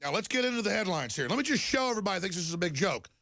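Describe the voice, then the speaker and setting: A man's voice: sits high, big pitch swings, very fast, bright, forceful tone, dry recording. A middle-aged man hosting a talk show, delivering a heated, repetitive monologue to viewers while reading headlines.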